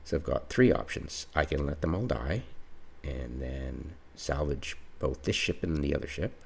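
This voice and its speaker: A man's voice: very deep voice, expressive, normal speed, vocal fry, slightly rough. A man giving casual commentary on his own gameplay, exasperated and retelling his reactions as he goes.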